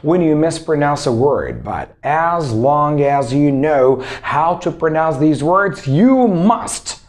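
Man, English teacher, motivational lesson, words repeated for drilling, lively swinging pitch. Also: slow pace. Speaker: English teacher and self-improvement coach.

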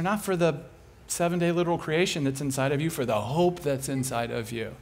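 Lively humorous man preaching. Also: fairly high pitch, normal speed. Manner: animated, humorous storyteller. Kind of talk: storytelling sermon.

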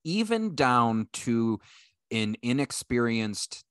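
A man guesting on a podcast, chatting casually and excitedly about a film, full of "like". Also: mid-range voice, clear, resonant tone, dry recording, studio quality. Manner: fast, excitable, peppered with "like". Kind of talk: casual film review chat.

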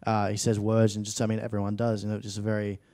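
Teen aussie actor, pretty monotone, dry close sound, lots of ums and restarts. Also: male voice, on the low side, quick pace, dry recording. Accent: Australian. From Australia. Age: late teens. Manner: rambling, many restarts and fillers. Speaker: actor guest. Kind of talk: casual interview chat. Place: interview studio.

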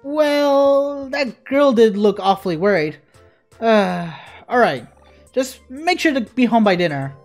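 A woman plays a gentle, hesitant mother in a game. She speaks slowly with a lively voice. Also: fairly high pitch, faint music behind. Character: mild-mannered mother of a boy.

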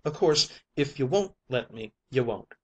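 A man's voice: mid-range voice, expressive, unhurried, a bit bright, muffled recording. A man reading an audiobook, voicing a cocksure ship's mate with a persuasive, wheedling manner. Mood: coaxing. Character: crafty ship's mate, male, middle-aged, cocksure. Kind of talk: audiobook character voice.

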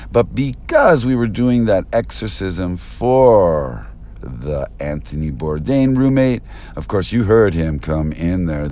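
A man's voice: low-pitched, warm tone. A man delivering an erratic, conspiratorial stream-of-consciousness monologue, recorded on a binaural mic. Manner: erratic, conspiratorial, jumps between topics. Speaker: self-styled press speaker.

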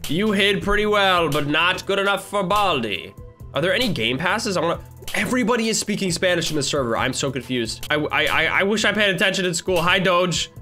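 A man hosting a gaming channel, giving excitable, playful gameplay commentary with lots of giggling and teasing. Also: sits high, a little fast, soft background music.

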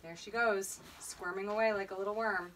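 A woman music therapist leading a children's circle-time lesson, gentle and sing-song. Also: mid-range voice, fairly even intonation, a little hiss or hum. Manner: gentle, slow, sing-song teacher talk. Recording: distant mic with guitar behind. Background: guitar.

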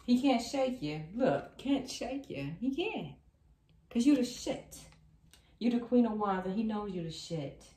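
A woman's voice: on the high side, animated, unhurried, mellow, a little hiss or hum. A woman doing a casual tarot reading for viewers. She talks in a sassy, emphatic way, repeats her lines and breaks into laughter. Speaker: tarot reader. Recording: roomy sound, distant from the mic.

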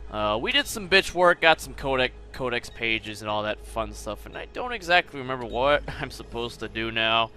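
A man's voice: mid-range voice, expressive, normal speed, few pauses, bright, forceful tone. A man hosting a gaming channel, commenting casually on his gameplay with crude jokes and swearing. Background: faint game music.

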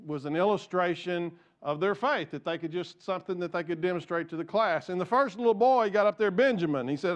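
A man's voice: high voice, a little fast, hardly any pauses, dull audio. A man pastor preaching a conversational sermon in church, repeating words as he goes and joking with the congregation.

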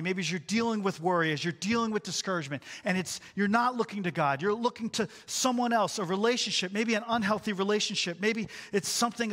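A male pastor preaching a conversational sermon, asking rhetorical questions and often dropping to a soft hush. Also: sits high, in a large hall. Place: church sanctuary.

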